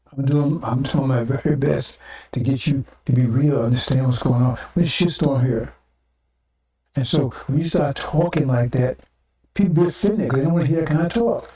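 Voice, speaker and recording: A man's voice: on the high side, mellow, reverberant, recorded from a distance. A man preaching a sermon to the congregation in a blunt, profane, repetitive way.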